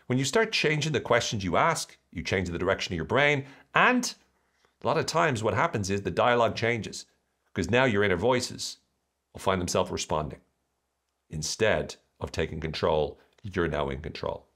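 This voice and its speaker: Low-voiced, animated male podcast host. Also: moderate pace. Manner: animated, playful, acts out voices. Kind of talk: motivational podcast talk.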